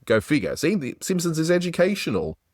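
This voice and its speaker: A man's voice: a little high, wildly swooping pitch, brisk, darkish tone, no room sound, studio quality. An Australian man hosting a casual, chatty cartoon review, conversational and self-deprecating. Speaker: host.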